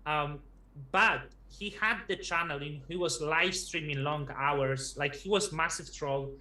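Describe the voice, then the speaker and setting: A male guest on a livestream who talks haltingly, doubling back on words as he goes. His voice is fairly high and very bright and sharp. It rings in an echoey room. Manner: halting, repeats words while building sentences. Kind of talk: casual livestream chat.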